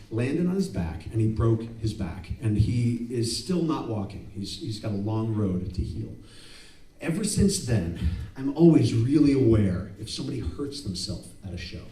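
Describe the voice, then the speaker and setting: A man's voice: mid-range voice, dark tone. A man performing a live spoken word story in a club, self-mocking and acting out the dialogue. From United States. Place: club stage before an audience. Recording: roomy live club sound from a distance.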